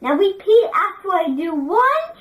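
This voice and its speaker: A woman's voice: very high-pitched, very animated, unhurried, a bit bright, low-quality recording. A woman teaching a class, drilling number sequences for pupils to repeat and praising them in a sing-song way.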